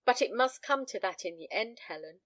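A woman's voice: mid-range voice, lively intonation, a little fast, fairly bright tone, dry recording. A woman voicing a grave, anxious elderly father, speaking solemnly and earnestly.

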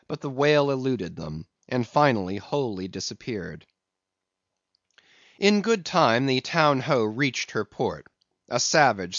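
Male audiobook narrator, plain steady reading, dry muffled recording. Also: mid-range voice, dry recording. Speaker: audiobook reader. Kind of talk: scripted narration.

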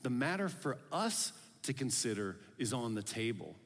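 A man's voice: mid-range voice, sing-song, moderate pace. A man preaching a sermon as pastor, talking in a loose, conversational and playful way and often acting out the voices of people he quotes. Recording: long hall reverb.

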